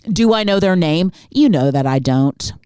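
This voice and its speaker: A woman's voice: on the low side, normal speed, clear, resonant tone, no echo. Woman host, comic storyteller, exasperated ranting, dry close recording. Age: adult, not Gen Z. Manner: exasperated, animated ranting with rhetorical questions. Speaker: podcast host. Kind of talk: comedic storytelling monologue.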